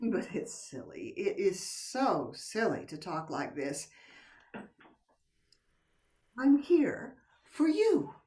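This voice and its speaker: A woman's voice: medium pitch, huge pitch swings, slow, a little mellow. An older woman playing a coy, soothing wife on a video call, sometimes dropping to a whisper. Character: coy, teasing unfaithful wife, middle-aged. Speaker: stage actor. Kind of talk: stage play reading over video call. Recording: voice a little far from the mic.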